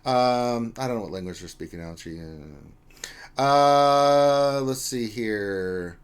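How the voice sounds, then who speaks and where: A man co-hosting a laid-back gaming livestream at an ordinary middle pitch. He reads viewer greetings aloud and banters loosely, with some mild swearing. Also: expressive, takes it slowly, smooth. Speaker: livestream co-host. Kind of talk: casual livestream chat, reading viewer comments.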